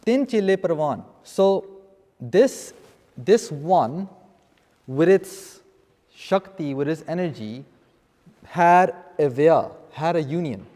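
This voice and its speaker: A man's voice: a little high, lively intonation, slow, long pauses, mellow. Man teaching a seminar in a reverberant hall. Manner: explanatory, checks understanding with frequent "okay?". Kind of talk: seminar lecture on scripture vocabulary.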